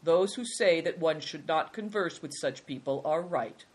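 A storyteller voicing a sly, self-satisfied truck driver who talks calmly and drily. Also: medium pitch, normal speed, slightly rough, natural voice. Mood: smug. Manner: calm, dry, haughty.

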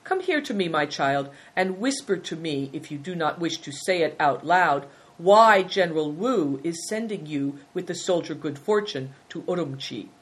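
A woman voicing a kindly, wise old male abbot who speaks calmly and benignly. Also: fairly low pitch, husky, low-quality recording. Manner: calm, benign, unhurried.

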